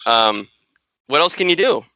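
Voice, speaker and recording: A man's voice: on the high side, big pitch swings, unhurried, bright, forceful tone, no room sound, rough recording. A married man talking as a podcast guest in loose casual chat, telling a story with many "you know"s.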